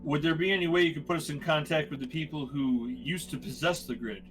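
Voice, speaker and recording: Guy in a tabletop game, formal and probing, slightly higher voice, soft music behind. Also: steady tone, fairly quick. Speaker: player.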